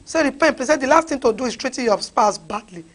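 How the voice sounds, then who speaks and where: A woman's voice: sits high, animated, fast. A woman with a Nigerian accent preaching a fiery sermon, scolding her listeners with repeated rhetorical questions.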